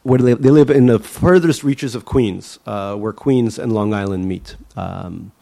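A man's voice: on the low side, measured pace, creaky, warm tone. A Russian-born man, an author, answering interview questions in a wry, musing way with frequent fillers and restarts.

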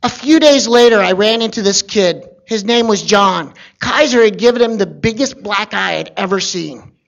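A man from Virginia telling a personal story in a wry, conversational way with deadpan asides. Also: sits high, normal speed, creaky, highs cut off.

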